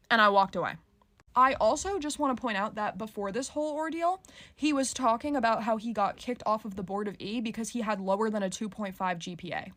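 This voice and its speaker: A woman's voice: on the high side, a little fast, pushed and bright, no room sound, clean studio sound. A woman in her twenties telling a story in a casual, exasperated, venting way. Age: 20s. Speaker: college student storyteller.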